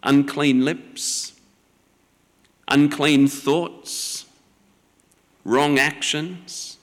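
A man preaching a sermon as the pastor, slow and deliberate, with measured pauses between phrases. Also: fairly high pitch, a bit bright, long reverb tail.

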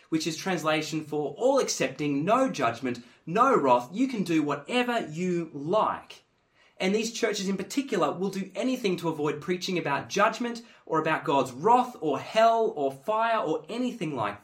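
A man delivers a sermon in a fairly high voice that rises and falls a great deal. He is earnest and emphatic, dropping low and quiet before pressing key words hard. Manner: earnest, emphatic, swings from hushed to forceful. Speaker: preacher.

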